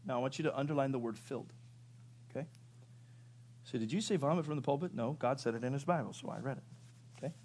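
A man preaching a sermon, moving from loud rising questions to low quiet asides. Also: quick pace, pauses often, slight background noise. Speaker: pastor. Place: church sanctuary.

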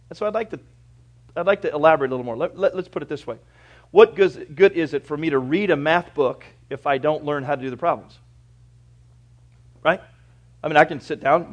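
Guy preaching in church, kinda high voice, chatty folksy sermon, gets loud then drops real quiet. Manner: folksy, conversational preaching with everyday examples and asides; swings from quiet, reflective lines to loud, lively bursts. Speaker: pastor.

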